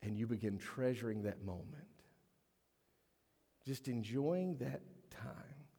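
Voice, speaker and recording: A man preaching a sermon to his congregation, animated and storytelling, acting out voices in his stories. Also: mid-range voice, slow, breathy edge, long reverb tail. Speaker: pastor. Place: church sanctuary.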